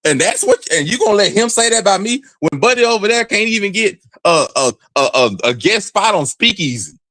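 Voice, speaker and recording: A young man co-hosting a casual sports podcast, talking in slangy, animated bursts and acting out imagined conversations. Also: sits high, brisk, no room sound. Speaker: podcast co-host.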